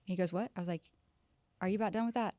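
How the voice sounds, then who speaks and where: A woman's voice: mid-range voice, quick pace, mellow, dry recording. Woman, podcast co-host, teasing and laughing, dry close sound. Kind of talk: casual chat.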